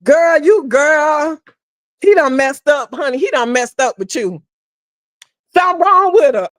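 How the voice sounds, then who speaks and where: A woman giving sassy, animated gossip commentary, talking straight to her audience and calling them "girl" and "honey". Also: high voice, a little slow, no echo, clean studio sound. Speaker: commentary host.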